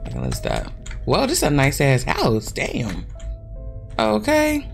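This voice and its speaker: A woman's voice: low voice, huge pitch swings, measured pace, vocal fry, soft background music. A woman hosting a gaming channel, chatting casually and swearing freely as she plays a horror game and talks straight to her viewers.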